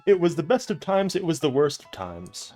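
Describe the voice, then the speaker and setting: A man's voice: a little high, big pitch swings, normal speed, darkish tone, soft background music, voice pushed up. A man doing a stammering, frazzled teacher lady. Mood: flustered. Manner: stammering, flustered. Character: nervous, overworked woman teacher. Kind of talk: game dialogue read aloud.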